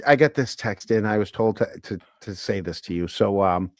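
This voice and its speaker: Male podcast host, animated higher voice, dry sound, joking. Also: normal speed, no echo. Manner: joking, reads chat donations aloud. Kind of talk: casual chat.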